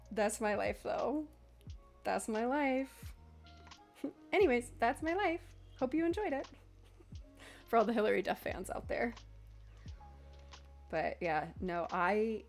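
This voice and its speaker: A young woman chatting and rambling while she knits on a live stream, laughing often and still getting over an illness. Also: mid-range voice. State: recovering from being sick. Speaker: knitting streamer. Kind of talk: casual chat while knitting on a live stream.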